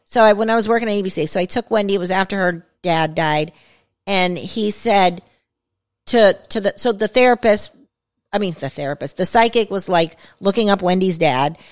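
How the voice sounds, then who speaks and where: A woman's voice: mid-range voice, moderate pace. Chatty woman co-hosting a podcast. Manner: chatty, full of fillers and asides. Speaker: podcast co-host. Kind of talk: casual chat.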